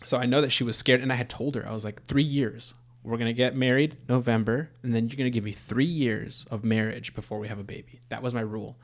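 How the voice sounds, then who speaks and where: A man's voice: mid-range voice, steady tone, fast, hardly any pauses. A man of thirty, a first-time father-to-be, telling a long personal story in casual chat, rambling and candid with some swearing. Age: 30s. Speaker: podcast host, expecting first child.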